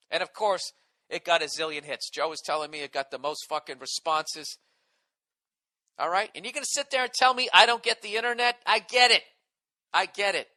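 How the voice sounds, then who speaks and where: A man rants into a close mic in a dry room. His voice sits fairly high, and it has a bright, forceful edge. He is indignant and sarcastic, swearing constantly as he talks to his podcast listeners. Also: no room sound. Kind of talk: profane ranting monologue.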